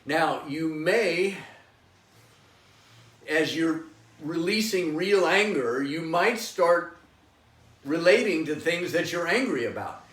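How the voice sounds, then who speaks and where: A man teaching a yoga and meditation class, coaxing listeners to join him in loud, forceful chanting. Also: fairly high pitch, lively intonation, slow pace, pauses often. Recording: echoey room, voice from a distance.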